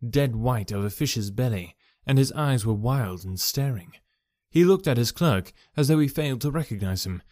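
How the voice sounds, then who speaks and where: A man narrating a classic detective story with steady storytelling. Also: medium pitch, no echo, clean studio sound. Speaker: audiobook narrator.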